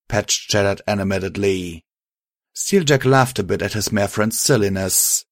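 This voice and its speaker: A man's voice: deep voice, unhurried, no echo. Man narrating an audiobook, dry sound. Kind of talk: audiobook narration of fan fiction.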